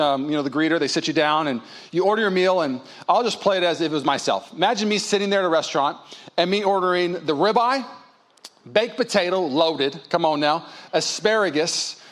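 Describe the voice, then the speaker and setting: A young man preaching a sermon as a pastor, animated and storytelling, acting out little scenes in character voices. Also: high-pitched. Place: church auditorium.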